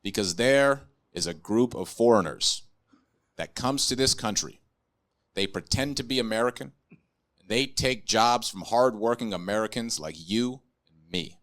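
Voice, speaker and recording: A man's voice: medium pitch, animated, a little slow, fairly bright tone. A young adult man doing stand-up comedy with a dry, ironic delivery.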